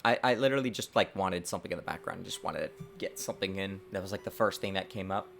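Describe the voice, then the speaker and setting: A man streaming his game development work, talking to himself in a lively, self-mocking way. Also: low-pitched, fast, creaky, faint music behind. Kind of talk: casual livestream dev commentary.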